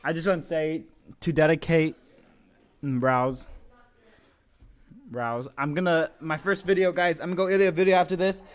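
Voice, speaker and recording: A man casually commentating an esports match on his live stream, joking and swearing, with bursts of excited shouting. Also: on the high side, normal speed, long pauses, clean tone.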